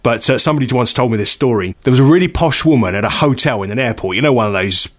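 Male radio co-host, lively storyteller, pitch swings widely, mid-range voice. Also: fast talker. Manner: animated storyteller, acts out quotes. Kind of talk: casual chat, storytelling.

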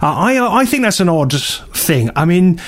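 A man co-hosting a radio chat show, telling stories casually and animatedly. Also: measured pace. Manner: animated storyteller, jumps up high for quoted voices.

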